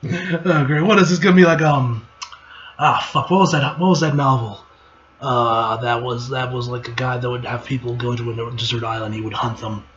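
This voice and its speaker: A man's voice: mid-range voice, fairly even intonation, moderate pace, fairly bright tone, dull audio, slight background noise. A man reading aloud and reacting casually, rambling, swearing, and trailing off mid-thought. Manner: rambling, profane, trails off and restarts. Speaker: comic reaction host.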